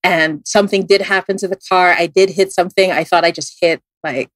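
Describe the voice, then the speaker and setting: Animated Filipino woman telling a story. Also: brisk, dry recording. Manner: animated, acts out quoted voices with big jumps in pitch; many fillers like "like" and restarts. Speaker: tarot reader guest. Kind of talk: casual storytelling in a podcast interview.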